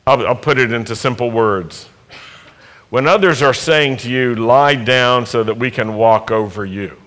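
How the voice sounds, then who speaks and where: Slow, bright-voiced male preacher. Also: mid-range voice. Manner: emphatic, building to loud exhortations; asks the congregation rhetorical questions. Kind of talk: sermon. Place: worship service.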